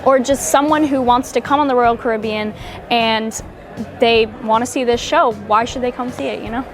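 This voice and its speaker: Enthusiastic high-voiced woman interviewer. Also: steady tone, moderate pace. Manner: enthusiastic and giggly. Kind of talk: casual interview. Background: music.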